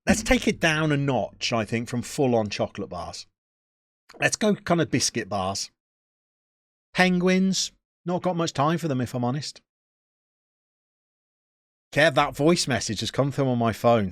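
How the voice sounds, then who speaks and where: A man's voice: medium pitch, lively intonation, a little slow, pauses often, no room sound, clean studio sound. Chatty man streamer. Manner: chatty, joking, opinionated banter. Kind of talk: casual chat answering live chat.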